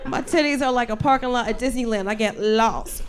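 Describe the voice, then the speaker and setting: A woman's voice: on the high side, fairly quick, noisy background. A woman comedian hosting a live show, telling a profane story with lots of laughing and acted-out voices. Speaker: comedian host. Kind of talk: stand-up storytelling monologue. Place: live audience show room.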